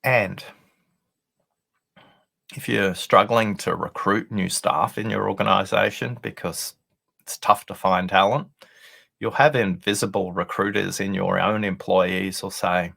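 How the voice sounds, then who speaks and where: A man's voice: low-pitched, steady tone, unhurried, creaky, bright, forceful tone. A man, an author and guest on a leadership show, telling a story in an earnest, explanatory way over a video call. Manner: earnest, explanatory, acts out quoted dialogue. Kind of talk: conversational storytelling.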